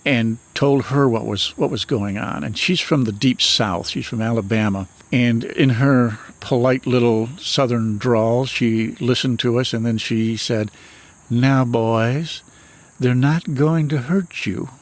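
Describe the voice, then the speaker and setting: A man in his sixties from Michigan, a retired minister telling his own experiences in an earnest, unhurried, matter-of-fact way. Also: mid-range voice, fairly even intonation. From Michigan, USA. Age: 60s. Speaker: retired minister and paranormal author. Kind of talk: personal storytelling in an interview.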